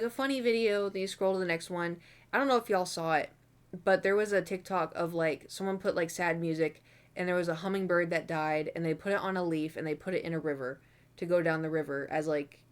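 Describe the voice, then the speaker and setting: A woman's voice: fairly low pitch, clear, resonant tone. A young adult woman streaming from her room at home, chatting candidly and rambling with lots of fillers and the odd swear word. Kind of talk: casual chat.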